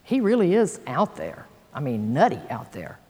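A woman's voice: low voice, huge pitch swings, normal speed, a little mellow, husky. A woman teaching a sermon, reading scripture with dramatic emphasis and folksy asides to her listeners. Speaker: Bible teacher. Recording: long hall reverb.

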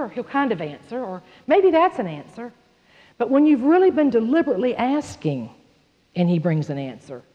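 A woman teaching a sermon, lively and conversational, acting out little scenes as she goes. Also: mid-range voice. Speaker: Bible teacher. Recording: muffled sound in a long-reverb hall.

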